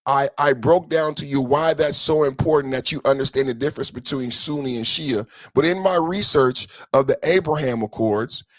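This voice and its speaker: A man's voice: moderate pace, few pauses, no echo. Brief: male podcast host, passionate political monologue, repetitive and emphatic, recorded dry and close. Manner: impassioned, repetitive, shifts between low brooding and loud outbursts.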